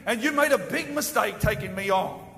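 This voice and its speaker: A man's voice: very high-pitched, fairly quick, vocal fry, a bit bright. A man preaching a fervent, exhorting sermon in a church hall. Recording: echoey hall with long reverb.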